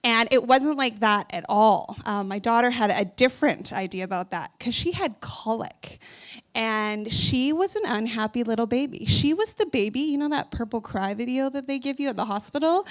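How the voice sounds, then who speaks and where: A woman's voice: a little high, lively intonation, normal speed. Chatty woman telling a personal story. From Canada. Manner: casual, chatty, many fillers like "like" and "you know". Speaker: conference speaker.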